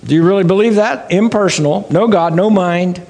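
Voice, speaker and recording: A man's voice: high-pitched, fairly quick, vocal fry. A man giving a sermon-style lecture, telling folksy stories and exclaiming in wonder. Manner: folksy storytelling, animated and exclaiming. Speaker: creation science speaker.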